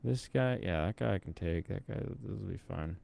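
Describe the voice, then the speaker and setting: A man's voice: low-pitched, normal speed, gravelly, darkish tone. A young man from the Pacific Northwest giving casual commentary while playing a game, thinking aloud and chatting with viewers. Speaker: streamer.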